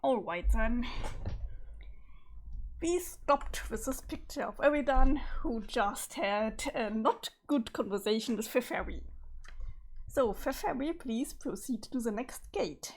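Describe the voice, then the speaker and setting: Woman, streamer, casual read-along chat, slightly high voice, searches for words. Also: animated, slow pace. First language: German. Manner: chatty, laughing, searching for words.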